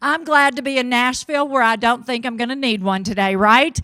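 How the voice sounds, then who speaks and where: A woman from Mississippi with a Southern accent, giving an energetic, folksy motivational keynote on a stage mic. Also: a little high, a little fast, dry recording. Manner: energetic, folksy, cheering the crowd on. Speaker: motivational speaker. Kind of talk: keynote speech to a live audience.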